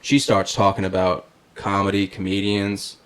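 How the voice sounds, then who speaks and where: Deep-voiced young man telling profane stories. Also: normal speed, smooth. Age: young adult. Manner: profane, animated retelling with frequent "dude". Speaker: guest comedian. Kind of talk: casual storytelling.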